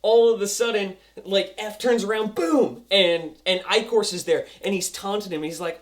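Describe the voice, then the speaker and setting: Young male TV reviewer, casual and excitable, acts out the action with sound effects. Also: high voice, moderate pace, hardly any pauses. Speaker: TV episode reviewer.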